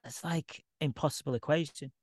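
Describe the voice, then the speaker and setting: A man's voice: a little high, moderate pace, darkish tone, husky, dry recording, studio quality. A man who is a guest artist, talking candidly and at length in an informal podcast conversation. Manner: candid, rambling, self-deprecating.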